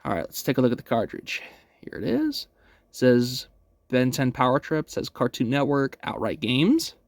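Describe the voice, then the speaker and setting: A young man narrates a game walkthrough in an easy, upbeat manner, describing each step as he goes. His pitch swings up and down freely as he talks. He sounds relaxed and casual, as if chatting with viewers from home. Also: normal speed, gravelly, no echo. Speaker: gaming channel host.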